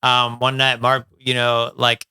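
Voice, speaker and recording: A man's voice: mid-range voice, monotone, measured pace, bright, forceful tone, clean tone, dry recording, clean studio sound. A middle-aged man from Ohio, a musician, telling stories in a casual interview, with many fillers and restarts. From Toledo, Ohio, USA. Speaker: guest, musician.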